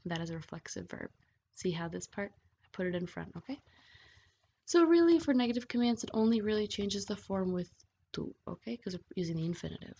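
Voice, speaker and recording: A woman's voice: on the low side, fairly even intonation, brisk, creaky, a little mellow. A woman teaching grammar over slides, patient and checking in often with "okay?". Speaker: Italian language teacher. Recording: dull lo-fi voice-over with faint hiss.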